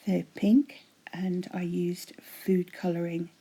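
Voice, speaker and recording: A chatty woman with a voice going hoarse, gushing over her handmade crafts in a casual show-and-tell at home, often dropping to a breathy half-whisper. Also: lowish voice, level tone, takes it slowly, warm tone. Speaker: craft vlogger showing giveaway prizes.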